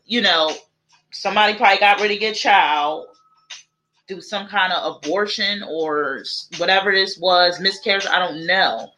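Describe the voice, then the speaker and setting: A woman with a bright, clear tone gives a casual live tarot reading. She talks in a chatty, looping way, repeating her questions and thinking aloud as each card turns up. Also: lowish voice, poor audio. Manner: chatty, repetitive, thinks aloud while drawing cards. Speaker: tarot reader.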